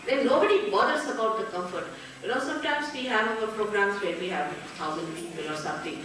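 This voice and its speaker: A woman's voice: medium pitch, fast, noisy background. A woman with an Indian English accent giving a spiritual talk in a town hall, telling anecdotes and acting out the people in them. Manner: storytelling with anecdotes and acted-out quotes. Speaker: spiritual teacher. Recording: echoey hall, recorded from a distance.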